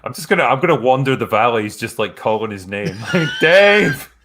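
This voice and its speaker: A man's voice: lowish voice, expressive, fast, crowd noise. A man hosting a podcast, chatting loosely with guests, joking and swearing casually. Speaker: podcast host. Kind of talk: casual chat.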